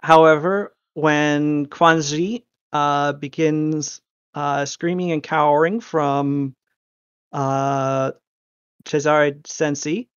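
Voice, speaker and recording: A game master narrating a tabletop game in an earnest, deliberate way. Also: medium pitch, flat delivery, clear, resonant tone, no echo, muffled recording.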